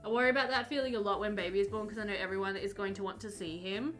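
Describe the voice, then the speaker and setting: Talking at a racing pace in a mid-range voice with fairly even intonation, a young woman chats with viewers while gaming on stream. Soft music plays behind her as she reads chat messages aloud, warm and giggly throughout.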